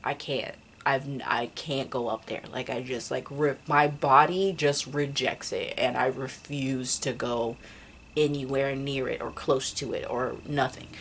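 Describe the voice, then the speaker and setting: A woman's voice: very deep voice, steady tone, a little slow, a bit bright, a little hiss or hum. A young woman telling a personal story in a casual vlog, rambling with many fillers and restarts. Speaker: vlogger.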